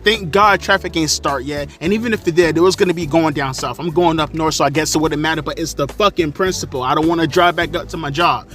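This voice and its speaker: A man from South Florida telling a story in a casual rant, profane and animated, working himself up as he goes. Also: a little high, fast talker, few pauses, faint music behind. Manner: profane, heated, animated retelling. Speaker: storyteller vlogger.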